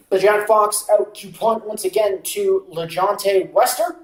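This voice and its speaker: A watchalong streamer calling the game play by play, stretching out calls and drifting into casual asides, on a mic that peaks on loud moments. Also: mid-range voice, fairly even intonation, measured pace, roomy sound, rough recording. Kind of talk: amateur play-by-play commentary.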